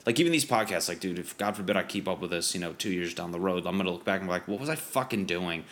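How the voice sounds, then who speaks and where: A man's voice: low-pitched, very fast, a bit bright. A young man, a stand-up comic, talking loosely on a podcast, full of fillers and swearing. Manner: loose, rambling, profane, lots of fillers. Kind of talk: casual podcast chat.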